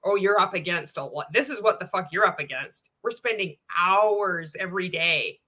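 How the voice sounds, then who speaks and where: A woman's voice: on the low side, moderate pace, sharp tone. A woman from Canada hosting a reaction video, talking in casual, sarcastic commentary full of swearing and laughter. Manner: profane, sarcastic, laughing often.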